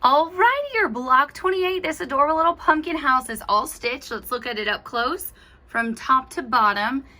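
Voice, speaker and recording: A woman's voice: sits high, moderate pace, bright, forceful tone. A woman giving a chatty, enthusiastic step-by-step embroidery tutorial, gushing over cute details. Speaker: embroidery instructor.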